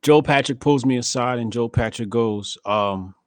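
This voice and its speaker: A podcast host from the New Jersey side speaks in a mid-pitched, matter-of-fact voice. He tells stories casually and bluntly, cursing freely. The sound is dry and close, with no room around it. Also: normal speed, dry recording. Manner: blunt, profane, storytelling with acted quotes. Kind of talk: casual chat.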